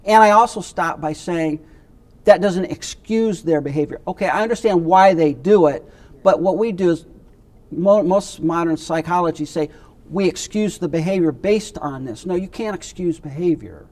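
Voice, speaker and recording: Guy teaching bible study, kinda high voice, emphatic, repeats himself a lot. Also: normal speed, a little mellow. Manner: emphatic, conversational, repeats points.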